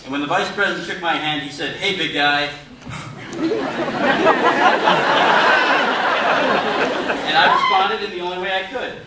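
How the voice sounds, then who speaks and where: A man's voice: high voice, wildly swooping pitch, a little slow, long pauses, very noisy. A student in his twenties giving an earnest prepared speech to introduce a speaker, stumbling a little. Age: 20s. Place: large room with a cheering crowd. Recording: echoey hall, distant mic, loud crowd.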